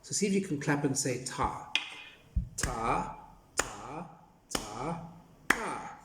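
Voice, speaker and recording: Lively man teaching kids rhythm. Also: medium pitch, slow pace. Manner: playful, animated, sing-song counting and clapping. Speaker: music teacher for young children. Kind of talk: children's music lesson. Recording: echoey room with background noise.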